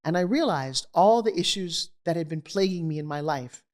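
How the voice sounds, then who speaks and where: Middle-aged woman, slightly low voice, candid and animated interview storyteller. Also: moderate pace. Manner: animated, acts out quoted voices. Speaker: guest.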